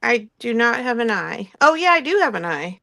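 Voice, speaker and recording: Chatty woman with a gravelly voice. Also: on the high side, sing-song, moderate pace, bright, forceful tone. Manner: chatty, laughs often, fills with ums. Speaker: live sale host. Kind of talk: live-stream sales chat.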